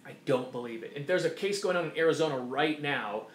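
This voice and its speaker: A fairly quick, fairly high-pitched male host runs an opinion monologue, emphatic and repetitive in his points. He mocks the voices he quotes, and the recording echoes.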